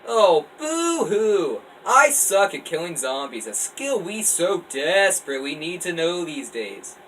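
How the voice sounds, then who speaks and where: A sarcastic teenage boy, as a man puts him on, loud and raised, dripping with mock drama. His bright voice sits back from the mic with a faint air-conditioner hum. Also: sits high, normal speed, recorded from a distance, pitched above the performer's own voice, rough recording.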